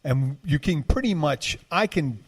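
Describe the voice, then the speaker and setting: A man's voice: a little high, animated, measured pace, husky. A man, hosting a podcast in rambling, digressive casual talk. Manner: rambling, digressive, full of restarts. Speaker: podcast host. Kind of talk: casual chat.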